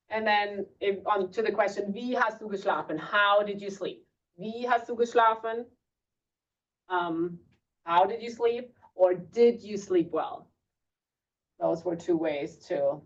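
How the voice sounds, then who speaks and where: A woman giving a relaxed German class to parents, pausing on filler words and pronouncing each German word slowly and carefully. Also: on the high side. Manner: relaxed, many fillers, slow deliberate pronunciation of German words. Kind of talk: casual classroom lesson. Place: school classroom. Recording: distant, muffled classroom recording.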